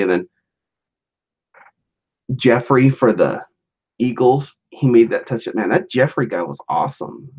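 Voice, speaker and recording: A man with a fairly low voice talks through a casual solo podcast. He rambles loosely, packing in fillers and false starts and chuckling along the way. The recording is dull and lo-fi. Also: darkish tone. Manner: rambling, lots of "like" and restarts, chuckles often. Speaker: podcast host.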